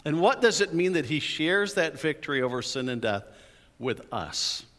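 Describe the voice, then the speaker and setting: Pastor, male, slightly raised voice, lively storytelling sermon, echo of a big church. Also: on the high side, normal speed. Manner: animated storytelling with playful asides. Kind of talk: Easter sermon. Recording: hall reverb.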